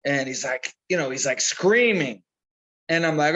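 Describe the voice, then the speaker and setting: Man, boxing trainer, slightly high voice, chatty storyteller who repeats himself. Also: normal speed, poor audio. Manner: animated storyteller, repeats himself, acts out quotes. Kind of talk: casual interview talk.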